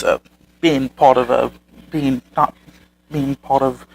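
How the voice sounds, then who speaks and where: A man's voice: mid-range voice, a little hiss or hum, rough recording. A man hosting a commentary video, reading out social media posts and answering them with sarcastic, exasperated remarks.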